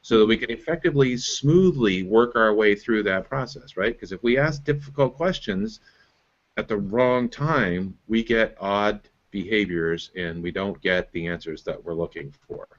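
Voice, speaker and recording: A man's voice: on the low side, moderate pace, lo-fi sound. A man hosting as a business coach, explaining methods step by step and checking in with "right?". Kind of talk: coaching conversation on a call.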